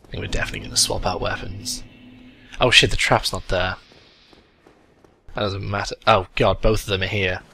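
Low, bright-toned sardonic gamer. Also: male voice, little pitch movement, normal speed, creaky, long pauses, slight background noise. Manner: sardonic, crude, swears a lot. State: voice cracking a bit. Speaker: let's play host. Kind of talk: gaming commentary.

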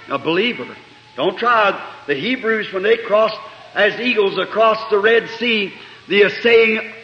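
High, lively preacher in an echoey hall. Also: male voice, slight background noise. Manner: impassioned, swings between soft asides and shouts. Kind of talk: sermon with personal storytelling. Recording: dull lo-fi 1960s tape in an echoey hall.

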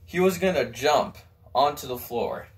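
A teenage man performing a comic monologue as a student actor, telling a story with sudden loud outbursts. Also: mid-range voice, unhurried. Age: teens.

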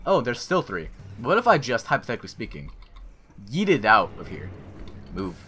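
A young man giving crude, excitable commentary while playing a video game, swinging from mutters to yells. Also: mid-range voice, moderate pace, faint music behind. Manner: crude joking. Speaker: gaming YouTuber. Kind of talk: Let's Play commentary.

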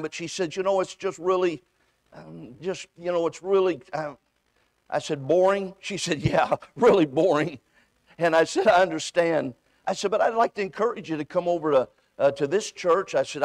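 A man with a high-pitched voice preaches as a visiting evangelist in a church. He tells folksy personal stories and acts out the conversations, often repeating himself as he goes. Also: no room sound. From United States. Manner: folksy storytelling, acts out dialogue, repeats words. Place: church sanctuary.

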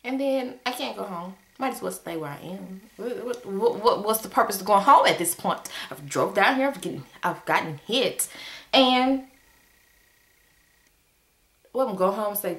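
A woman casually telling a story to her viewers in a vlog, retelling it with exasperated, animated energy. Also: normal speed, reverberant. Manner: animated, exasperated retelling with sudden pitch jumps.

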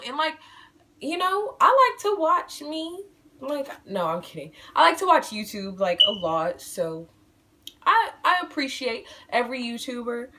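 A woman's voice: sits high, sharp tone. An eighteen-year-old woman chatting casually to her viewers at home in a Q&A vlog, bubbly and playful, teasing herself as she talks. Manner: bubbly, talkative, playful self-teasing, addresses viewers as y'all. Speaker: vlogger.

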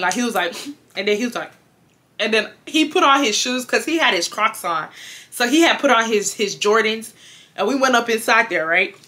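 A woman, telling a storytime to her viewers in an animated, laugh-filled way, swearing freely. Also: mid-range voice. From Houston, Texas. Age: 20s. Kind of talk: casual storytime.

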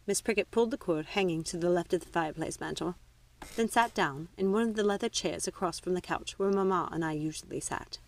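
Woman, audiobook narrator, measured expressive reading, dry close sound. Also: lowish voice, no echo. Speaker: audiobook reader. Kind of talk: storybook narration.

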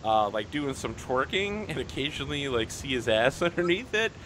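A man narrating and running a tabletop wrestling game as game master, lively and casual. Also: medium pitch, normal speed, slight background noise. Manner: lively, puts on crowd voices.

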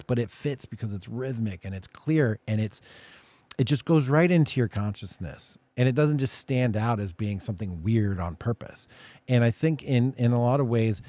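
A man's voice: medium pitch, dark tone, no echo. A man hosting an interview, talking at length in a reflective way. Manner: reflective, talks through ideas at length. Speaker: podcast host. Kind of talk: conversational interview.

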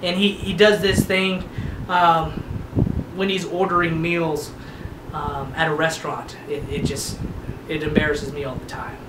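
A young man auditioning as a comedian, setting up sketches in a hesitant, low-key way. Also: little pitch movement, unhurried, very noisy. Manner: hesitant, low-key setup talk with fillers. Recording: echoey room, far mic, guitar music.

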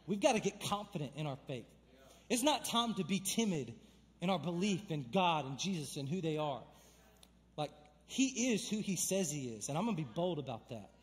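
A young man preaches in a church with a high, bright voice, his words ringing through a long hall reverb. He talks casually and then builds to fervent, emphatic calls. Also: moderate pace. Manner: energetic, conversational preaching with emphatic build-ups. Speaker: pastor. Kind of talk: sermon. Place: church sanctuary.

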